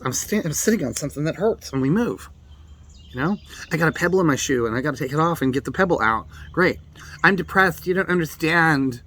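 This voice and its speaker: A man's voice: fairly high pitch, fairly bright tone. A middle-aged man giving a blunt, emphatic talk on meditation as a Buddhist teacher. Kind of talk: direct-to-camera daily reflection talk.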